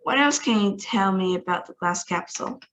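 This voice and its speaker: A woman reading aloud, voicing a gruff male president with a deep, raspy put-on voice who barks impatiently. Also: lively intonation, brisk, fairly bright tone, dull audio, close to an everyday voice. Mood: commanding. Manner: barking, impatient.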